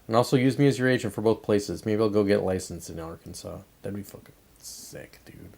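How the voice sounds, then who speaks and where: A man's voice: fairly low pitch, a little fast, vocal fry, a little mellow. A man ranting on politics in a brash, profane casual livestream style, talking to viewers and pointing at a map. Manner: brash, swearing, talks to a pointer and chat. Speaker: livestream host.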